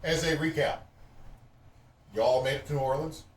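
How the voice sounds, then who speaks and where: A man's voice: on the high side, moderate pace. Guy game-mastering a tabletop stream, jokey and laid back, kinda far from the mic, roomy echo. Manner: joking, relaxed recap. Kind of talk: casual tabletop stream chat. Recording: echoey room, mic far off.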